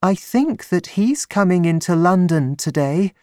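A man reading an audiobook, voicing a polite young woman with a raised, softer voice. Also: sits high, lively intonation, unhurried, no room sound, clean studio sound, pitched above the performer's own voice.

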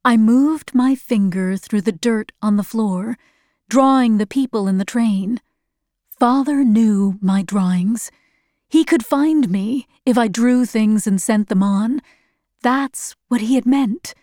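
A young adult woman reading a story aloud as scripted narration, calm and even. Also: a little high, slow pace, no room sound, studio quality. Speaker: audiobook reader.

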